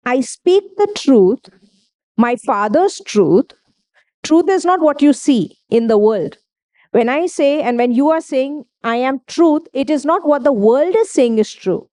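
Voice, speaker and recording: A woman's voice: sits high, expressive, normal speed, warm tone. A woman preaching a sermon, emphatic, asking her listeners questions and answering them herself.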